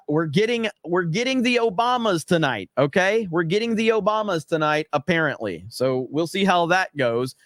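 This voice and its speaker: Young male streamer; sarcastic, rambling, filler-heavy; slightly high, dry close sound. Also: a bit bright, dry recording. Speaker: livestream host. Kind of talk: casual livestream commentary.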